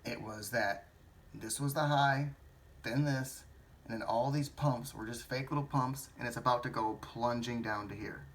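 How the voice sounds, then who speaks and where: A man's voice: mid-range voice, fairly even intonation, normal speed. A man thinking aloud about a stock trade in a rambling, self-questioning way, with some swearing. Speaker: stock trading vlogger. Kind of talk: thinking-aloud market commentary.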